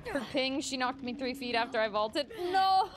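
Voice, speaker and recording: A woman's voice: a little high, steady tone, a little fast, a bit bright. A woman streaming a game live, talking dramatically, swearing freely and joking in playful self-pity. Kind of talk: live gaming stream commentary.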